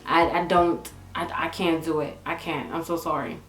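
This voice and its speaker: A young woman from Toronto, a vlogger, telling a story casually to the camera in an animated, emphatic way with frequent asides. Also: sits low, moderate pace. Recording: echoey room, faint music.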